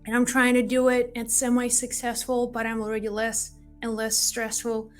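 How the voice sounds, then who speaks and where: A woman's voice: fairly high pitch, monotone, moderate pace, soft background music. A woman giving a spiritual card reading, who tells a personal story in an earnest, reassuring way and repeats phrases often. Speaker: tarot card reader.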